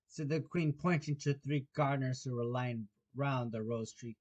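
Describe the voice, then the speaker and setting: A man with a shrill voice narrating an audiobook of a storybook, with occasional slips and restarts. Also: moderate pace, darkish tone.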